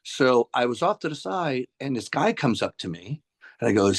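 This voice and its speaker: Middle-aged man telling animated stories. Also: medium pitch, fairly quick. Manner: animated anecdotes, acts out quoted voices. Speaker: interview guest, musician. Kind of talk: casual storytelling.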